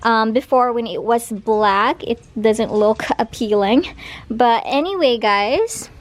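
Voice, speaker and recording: High-voiced Filipino woman vlogging. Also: slow pace. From Philippines. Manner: chatty, giggly, addresses viewers directly. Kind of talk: casual vlog narration. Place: outdoors at a rural house.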